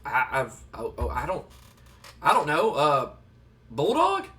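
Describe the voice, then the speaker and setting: An exasperated young male wrestler demands answers in a higher, bright voice, as a man puts him on. He sounds flustered and pushy, recorded from a distance. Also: huge pitch swings, measured pace, exaggerated voice. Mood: uncertain. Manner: exasperated, questioning.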